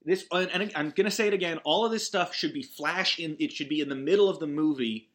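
A man with a bright, forceful, fairly high voice talks through a casual podcast. He rambles, swears freely and keeps restarting his sentences. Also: fast talker. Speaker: podcast host. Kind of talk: casual solo podcast recap.

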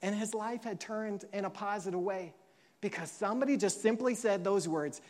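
A pastor preaches a sermon through animated storytelling, acting out quotes with big jumps in pitch. For emotional moments he drops into a soft, slow delivery.

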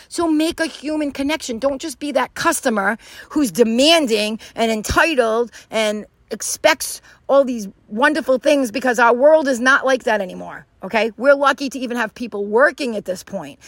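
A woman's voice: sits high, normal speed, no room sound. Emphatic motivational woman, dry close sound. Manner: emphatic and repetitive, acts out little scenes in quoted voices. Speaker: life skills vlogger. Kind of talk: casual motivational talk to camera.

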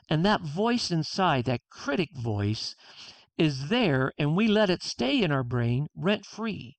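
Man, author guest, earnest, acts out inner voices, higher voice, dry close recording. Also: sing-song, slow, creaky, no echo. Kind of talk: interview conversation.

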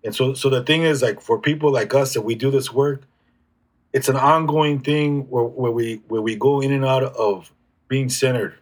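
A man speaking as an interview guest, reflective and halting, with frequent restarts. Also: mid-range voice. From United States. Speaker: guest healer. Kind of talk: casual conversational interview.

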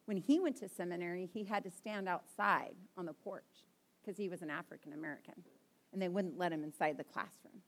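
A woman's voice: lowish voice, fairly quick. A young woman preaching to a church congregation, chatty and open in a self-deprecating storytelling way. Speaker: guest preacher. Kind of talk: casual sermon to a congregation. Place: church sanctuary.

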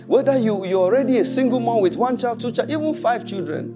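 A man preaching an animated sermon as pastor, playfully mimicking people and repeating declarations. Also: extremely high pitch, fairly quick, music in the background.

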